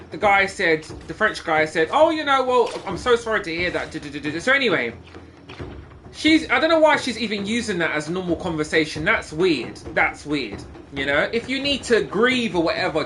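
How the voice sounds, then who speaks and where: A man's voice: sits high, animated, moderate pace, bright, forceful tone, a little hiss or hum. A man in his thirties, a gaming streamer rambling through a gossipy story and teasing his chat. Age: 30s.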